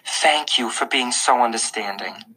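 A man reading an audiobook voices an upset, exasperated mother, pushing his voice high and pleading. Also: a little slow, pushed and bright. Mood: grateful.

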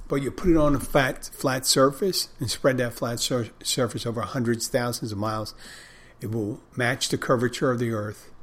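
This man's husky, medium-pitched voice carries a casual monologue to his listeners as host of a show. He keeps meandering, pausing to correct himself and losing the thread.

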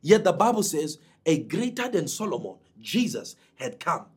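A man preaching a sermon to a congregation with emphatic delivery and dramatic swings in pitch. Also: very animated, moderate pace, darkish tone, husky.

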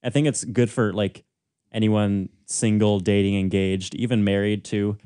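A man's voice: fairly low pitch, little pitch movement, a little slow, warm tone, clear, resonant tone, dry recording, studio quality. A young man co-hosting a casual podcast, rambling with lots of fillers. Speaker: podcast co-host. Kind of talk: casual chat.

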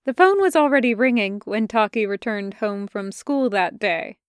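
A woman reading a fan fiction story aloud at an unhurried pace, shifting her voice for the characters. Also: medium pitch, lively intonation, clean tone, no room sound, clean studio sound. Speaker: podfic reader. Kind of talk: scripted narration.

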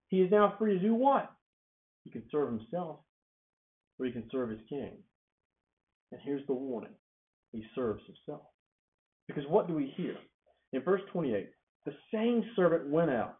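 Dynamic male preacher, tinny sound. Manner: rises high and loud on key words, drops low and soft. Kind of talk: sermon.

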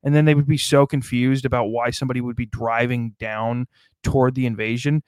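A man's voice: medium pitch, fairly even intonation, brisk, a little mellow, clean tone, dry recording. Man, casual podcast talk, profane rambling riffs, mid-range voice, dry close sound.

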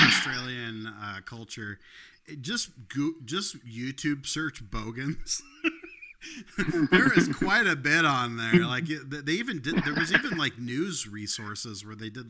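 Bright-voiced rambling podcast man. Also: medium pitch. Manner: rambling, filler-heavy, laughs often. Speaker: podcast co-host. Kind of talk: casual chat.

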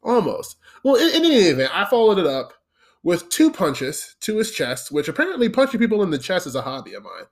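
A man's voice: high-pitched, very animated, brisk. A man telling a funny story in a casual, profane way, laughing often and acting out the other people's lines. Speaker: podcast host telling a story.

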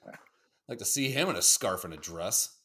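A man co-hosting a casual livestream, reacting to videos in an animated, joking and profane way. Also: lowish voice, moderate pace, background noise. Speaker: co-host.

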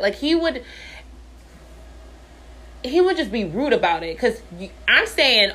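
A woman in her thirties tells a story in an animated casual rant. Her voice sits at an ordinary middle pitch for a woman, and her talk is blunt and full of swearing. She is speaking from her bathroom at home. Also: moderate pace.

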